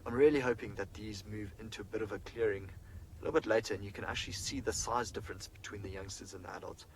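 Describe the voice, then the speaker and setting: A man's voice: on the low side, fast, slight background noise, low-quality recording. A man working as a safari guide, explaining animal behaviour and answering viewer questions on a live broadcast from outdoors in the bush. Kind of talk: live wildlife broadcast commentary. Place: outdoors on a game drive in the bush.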